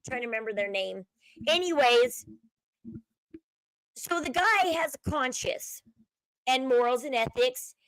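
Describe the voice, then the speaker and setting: A woman's voice: sits high, lively intonation, a little slow, pauses often, fairly bright tone, no room sound, low-quality recording. A young adult woman hosting her own channel, casually retelling a crime story and acting out the quotes. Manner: chatty storyteller, acts out quotes, euphemisms like schmurdered. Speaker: commentary channel host.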